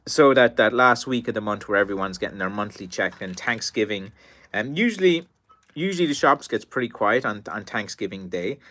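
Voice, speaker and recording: A man's voice: fairly low pitch, expressive, moderate pace, fairly bright tone. An Irish man chatting casually on a live stream and answering viewers, rambling with many fillers and restarts, his voice worn and tired with a cough. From Ireland. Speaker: stick maker answering live chat.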